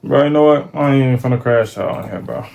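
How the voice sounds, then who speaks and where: A man's voice: mid-range voice, fast, creaky, darkish tone. A man hosting a reaction video, reacting with incredulous, profane commentary and repeatedly calling out "bro".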